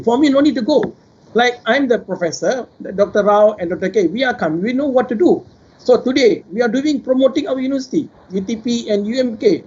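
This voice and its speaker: A professor with a Malaysian English accent, speaking at a webinar panel in an animated, rambling way and addressing the other panelists directly. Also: male voice, high voice, husky, muffled recording. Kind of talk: panel discussion remarks.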